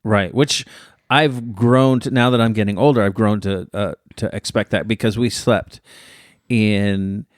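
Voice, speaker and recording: A man's voice: fairly low pitch, fairly even intonation, unhurried, no room sound, studio quality. A man in his thirties with an American accent, co-hosting a casual podcast with his wife, joking and playfully defensive. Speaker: podcast co-host. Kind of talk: casual chat.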